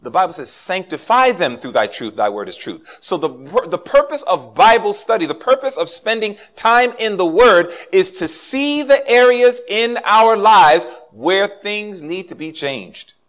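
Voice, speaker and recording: A middle-aged male pastor preaching with a lively voice that swings up and down. His voice sits a little high for a man. He acts out the voices of the people he quotes as he talks to the congregation. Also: measured pace, few pauses. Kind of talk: sermon.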